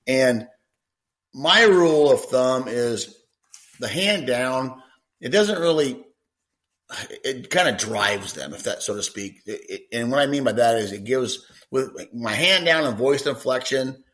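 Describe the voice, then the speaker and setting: A man's voice: medium pitch, expressive, unhurried, fairly bright tone. Rambling man answering podcast questions. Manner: rambling, repeats words, conversational. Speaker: retriever dog trainer.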